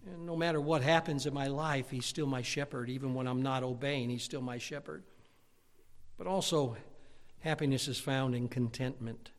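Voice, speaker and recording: A middle-aged pastor preaching a sermon, folksy and conversational, swelling into emphatic outbursts. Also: male voice, mid-range voice, fairly even intonation, moderate pace, big-room sound.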